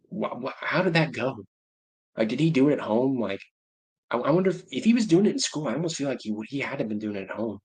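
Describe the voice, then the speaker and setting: A man's voice: mid-range voice, husky. Rambling man chatting on a livestream. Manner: rambling, self-interrupting, laughing to himself. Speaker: livestream host. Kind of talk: casual livestream chat.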